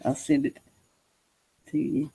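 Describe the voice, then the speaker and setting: A man hosting a live stream while he paints, laid-back, chatting with short replies and soft laughs. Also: medium pitch, little pitch movement, takes it slowly, gravelly, breathy edge. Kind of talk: casual chat.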